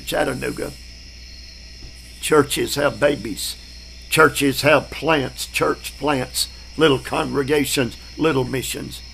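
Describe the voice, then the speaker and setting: A man, preaching a Bible study class in a slow, emphatic way, repeating key words. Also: a little high, vocal fry, a bit bright, a little hiss or hum, poor audio. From Southern United States.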